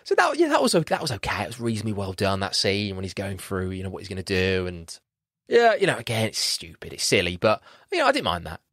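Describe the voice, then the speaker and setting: A man chats casually about a horror film on a podcast. His pitch swings all over as he acts out his reactions. The sound is close and dry, with no room around it. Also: big pitch swings, fast talker, fairly bright tone, no room sound. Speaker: podcast host. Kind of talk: casual film review chat.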